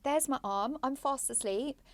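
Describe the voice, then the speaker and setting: A woman's voice: high-pitched, unhurried. A woman co-hosting a podcast, chatty, telling stories and asking probing questions. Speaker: podcast co-host. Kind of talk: casual conversational interview.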